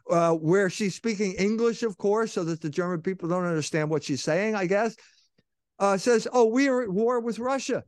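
A man's voice: high voice, no room sound, clean studio sound. A man speaking as co-host on a casual political talk show, emphatic and sardonic.

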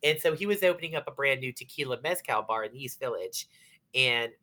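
A Pittsburgh woman who manages a bar tells stories casually during an interview, talking a little fast in a very deep voice. She's animated, acting out the quoted dialogue and using plenty of fillers.

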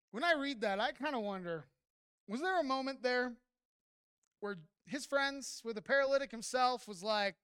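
Pastor, sermon: bright, tense delivery, smooth and crisp, emphatic, calls to the congregation, dry close sound. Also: dry recording. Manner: emphatic preaching, swelling to near-shouts at high points; addresses congregation directly with frequent "right?".

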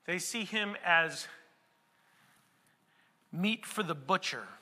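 A man preaching a sermon, swinging between hushed passages and shouted emphasis. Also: sits high, expressive, slow. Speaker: pastor. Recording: long hall reverb.

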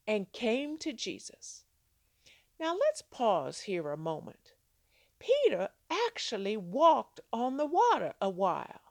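A woman teaching a devotional Bible lesson, telling the story dramatically and asking her listeners rhetorical questions. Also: no echo. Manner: acts out quoted lines with big pitch jumps. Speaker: Christian devotional speaker.

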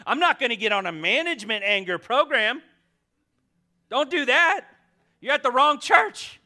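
A man preaching a lively sermon from a church stage. His voice sits high and climbs and dips all over, one moment near a shout and the next a hushed aside. He jokes with the congregation between points. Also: moderate pace, long pauses. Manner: passionate, swings from loud to hushed, jokes with the congregation. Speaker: pastor. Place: church sanctuary.

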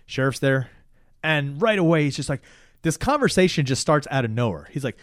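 Animated man recapping a movie. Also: fairly high pitch, fairly quick, no echo, studio quality. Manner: animated, swearing, acts out characters' lines. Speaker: podcast co-host. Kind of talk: casual movie recap chat.

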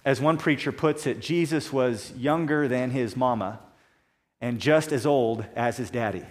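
A man preaching a sermon, measured and conversational, slowing down and dropping soft for emphasis, with homely illustrations. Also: mid-range voice. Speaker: pastor.

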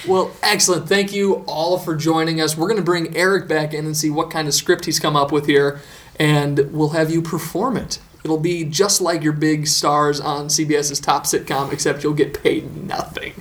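A man hosting a comedy panel show, brisk, with dry jokes. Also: a little high, level tone, fairly bright tone. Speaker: host. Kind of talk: improv comedy banter.

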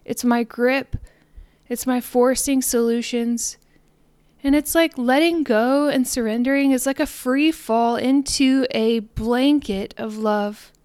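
A woman giving a reflective spiritual talk in a soft, earnest, meditative way, sometimes slowing and fading to near-whispers. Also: a little high, steady tone, clear, resonant tone, no room sound. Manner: soft, slows down and trails off into near-whispers on repeated phrases. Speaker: spiritual podcaster.

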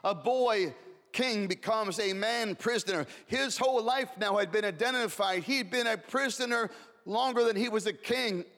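A man's voice: high voice, a bit bright, in a large hall. A man preaching a sermon with passion, repeating words and building in rising waves.

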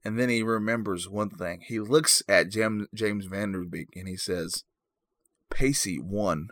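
Dude doing a fake-serious movie review, deadpan and rambly, lowish voice, dry close sound. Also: male voice, moderate pace, no echo. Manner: deadpan, mock-earnest, rambling. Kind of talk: mock-serious comedic review.

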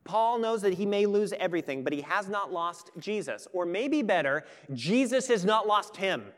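A pastor preaching a sermon with earnest emphasis that swells and then turns quiet and intimate. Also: male voice, high-pitched, animated, moderate pace. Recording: long hall reverb.

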